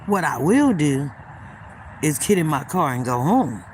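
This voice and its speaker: A woman's voice: low-pitched, big pitch swings, unhurried, darkish tone, a little hiss or hum. A woman hosting a livestream, telling a story emphatically and speaking straight to her viewers in a casual way. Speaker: livestream host.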